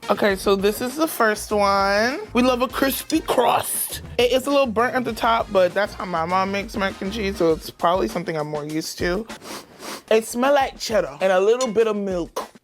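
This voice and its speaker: A woman's voice: medium pitch, moderate pace, soft background music. A young woman casually judging food, playful and frank. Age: young adult. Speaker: food judge.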